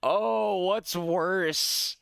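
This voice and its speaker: A man's voice: high voice, very slow, gravelly, fairly bright tone, clear, resonant tone, dry recording. A man casually commenting while playing a video game, joking, swearing and laughing often. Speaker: gaming streamer. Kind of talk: casual let's-play commentary.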